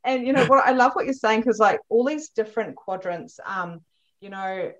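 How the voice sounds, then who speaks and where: A woman hosting a podcast, chatting casually and telling animated stories with frequent laughter. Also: fairly high pitch, normal speed, lo-fi sound. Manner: animated storyteller, laughs often. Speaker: podcast host. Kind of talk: casual chat.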